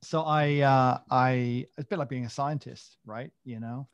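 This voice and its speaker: A man with a mid-pitched, gravelly voice, chatting loosely on a podcast. He rambles and pokes fun at himself, with many fillers and restarts. His voice has a rough, crackly edge. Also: steady tone, moderate pace, dull audio. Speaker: podcast co-host. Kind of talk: casual chat.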